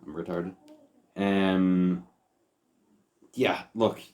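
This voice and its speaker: A man's voice: low voice, fairly even intonation, very slow, darkish tone. A man co-hosting a podcast in casual chat, blunt and teasing, swearing freely. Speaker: podcast co-host.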